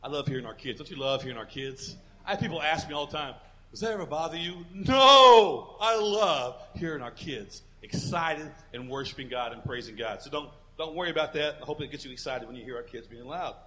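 A man preaching a sermon as pastor, building to emphatic declarations and dropping low to act out quoted voices. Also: lively intonation, fairly quick, bright, forceful tone. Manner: acts out quoted voices, dropping to a near whisper.

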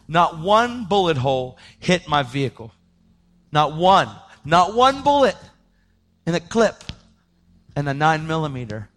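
A man preaching his testimony in a dramatic storytelling style, swinging between loud outbursts and hushed tones. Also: a little high, big pitch swings, a little slow, pauses often. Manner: acts out the voices of people in his story. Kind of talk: testimony sermon.

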